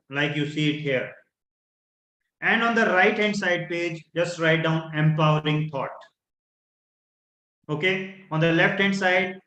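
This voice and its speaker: Indian English male coach, higher pitch, repeats and demonstrates, roomy sound. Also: bright, forceful tone. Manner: instructive, repeats key phrases, acts out fearful tones. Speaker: workshop coach. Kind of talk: online workshop teaching.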